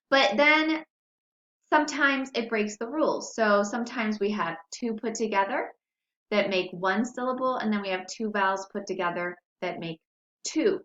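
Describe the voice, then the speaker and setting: A woman's voice: mid-range voice, fairly bright tone. Patient teacher woman in an echoey room. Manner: slow, patient, sounding out words syllable by syllable. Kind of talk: recorded spelling lesson for young children. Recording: echoey room, dull lo-fi sound.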